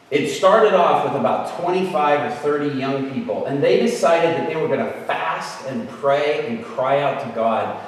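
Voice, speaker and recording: A man preaching in a church, telling a humorous personal story in an animated way and shouting re-enacted lines. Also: mid-range voice. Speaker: guest preacher. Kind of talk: sermon storytelling. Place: church sanctuary. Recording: echoey church hall, distant mic.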